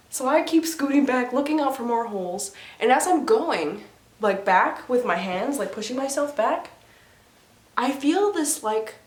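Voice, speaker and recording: A woman's voice: high-pitched, expressive, normal speed. A woman vlogger telling a story casually to her viewers, chatty and rambling, with asides and sound effects. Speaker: mermaid performer and vlogger. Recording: roomy echo.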